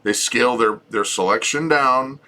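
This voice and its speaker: A middle-aged man with a bright, forward voice, co-hosting a home chat show. He talks in a loose, joking way and often restarts his sentences. His pitch sits in the ordinary male middle. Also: normal speed. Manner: chatty, relaxed, joking, frequent restarts. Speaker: co-host of a homesteading channel. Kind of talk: casual chat with viewers.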